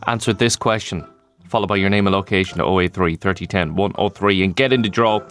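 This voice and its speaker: A man presenting a breakfast radio show in a chatty, animated way. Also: low voice, fast, faint music behind. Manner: chatty, animated, asides and fillers.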